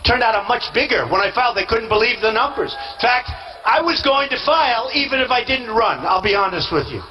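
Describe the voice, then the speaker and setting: A man's voice: very high-pitched, lively intonation, fairly quick, pushed and bright, faint music behind, rough recording. A man giving a rally speech as a candidate, boastful and rambling, repeating himself and acting out quoted dialogue.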